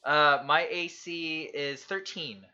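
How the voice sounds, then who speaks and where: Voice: medium pitch, fairly even intonation, slow, lo-fi sound, heavy background noise. A player in a tabletop game, talking casually and upbeat about what the character does.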